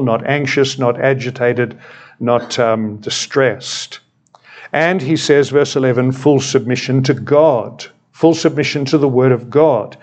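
An Australian man in his sixties delivers a sermon in an easy, conversational manner. His voice sits at an ordinary middle pitch, and he drops in wry, humorous asides as he goes. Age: 60s. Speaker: retired senior minister, preacher.

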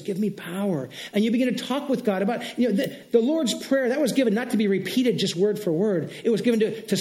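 High-voiced pastor, quiet prayerful asides. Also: male voice. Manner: conversational, drops softly into quiet spoken prayers. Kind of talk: sermon.

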